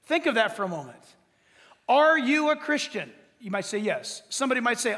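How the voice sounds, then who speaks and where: High, bright-voiced preacher man in a hall. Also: fairly quick. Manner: animated storytelling, addressing the congregation directly. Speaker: pastor. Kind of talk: sermon.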